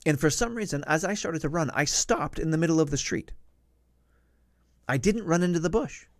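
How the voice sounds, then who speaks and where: Animated middle-aged man telling a story. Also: on the high side, moderate pace, no echo, clean studio sound. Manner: animated storyteller, acts out shouted quotes in a raised voice. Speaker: live stream host. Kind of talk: casual storytelling to a live audience.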